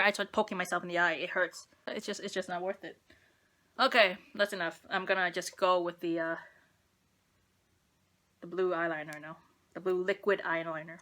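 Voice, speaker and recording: A woman's voice: fairly low pitch, fairly even intonation, normal speed, long pauses, bright, forceful tone. A young woman rambling through a makeup tutorial, self-deprecating and talking to herself as she works. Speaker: beauty vlogger.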